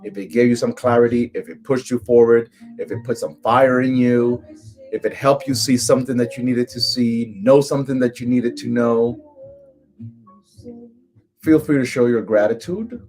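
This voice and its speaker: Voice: mid-range voice, moderate pace, darkish tone, soft background music. A spiritual coach from Cuba giving a live tarot reading, emphatic and chanting repeated phrases.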